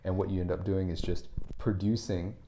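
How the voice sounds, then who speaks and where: A man's voice: low-pitched, fairly even intonation, brisk, warm tone, slight background noise. A man explaining English pronunciation in a casual spoken lesson, often restarting and repeating words as he thinks.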